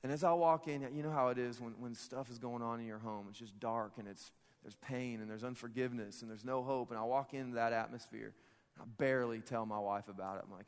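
A man in his thirties, a pastor preaching a sermon, telling a personal story in an animated, joking way and often laughing. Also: medium pitch, a little fast, clean tone. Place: large church hall. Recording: long reverb of a church hall.

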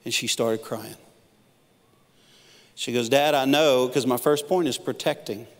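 A middle-aged man preaching from the stage of a church auditorium, mixing jokes into his stories and acting out what people said. His voice sits at a medium pitch and carries a long reverb from the big hall. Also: measured pace. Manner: storytelling with humor, acting out quotes. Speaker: pastor. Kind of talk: sermon.

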